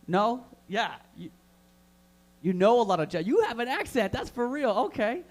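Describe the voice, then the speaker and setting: A man with a high-pitched voice working the crowd at a live open mic. His stand-up is crude and loud, full of hyped banter thrown straight at the audience. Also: big pitch swings, normal speed. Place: live comedy room in a vapor lounge.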